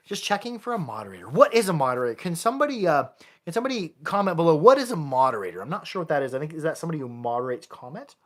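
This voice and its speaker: Very fast and very animated, this jaw harp player and maker teaches a relaxed live-streamed lesson in a slightly high voice. He chats casually and keeps breaking off to restart sentences.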